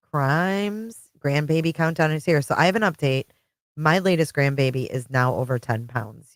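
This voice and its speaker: Middle-aged woman, deep voice, friendly rambling livestream host, dry close sound. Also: no echo. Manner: chatty, greets viewers by name. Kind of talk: casual live-chat stream.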